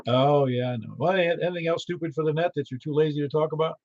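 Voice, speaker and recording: A man's voice: a little high, fast, darkish tone, dry recording. A man with a Middle Tennessee accent running an amateur radio net, chatting in a joking, folksy way. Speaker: net control operator. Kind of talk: ham radio net chat. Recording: lo-fi radio transmission.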